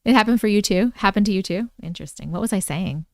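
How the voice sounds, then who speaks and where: A woman hosting a casual livestream, chatting excitedly and reacting to viewer comments as she reads and discusses their stories. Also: mid-range voice, quick pace, no echo, studio quality.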